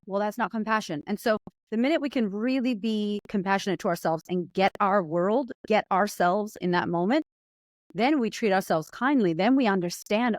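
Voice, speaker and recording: A woman guest on a podcast, talking fast and acting out her own inner voice as she tells stories. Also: medium pitch, no room sound, clean studio sound. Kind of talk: animated conversational storytelling.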